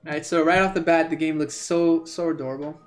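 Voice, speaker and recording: A man streaming a video game, talking casually and rambling, repeating words and breaking into excitable outbursts. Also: on the high side, quick pace. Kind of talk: casual let's-play commentary.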